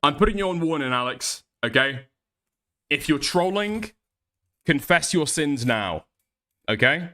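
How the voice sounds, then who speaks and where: A man's voice: a little high, expressive, measured pace, long pauses, pushed and bright. A man hosting a livestream, arguing bluntly and profanely with a caller. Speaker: streamer host. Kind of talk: heated livestream commentary.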